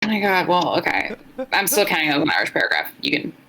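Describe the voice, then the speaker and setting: A woman co-hosting a podcast in casual chat, a bit tipsy, chatty and quick to laugh at herself. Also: lowish voice, big pitch swings, vocal fry, sharp tone, poor audio. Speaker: podcast co-host.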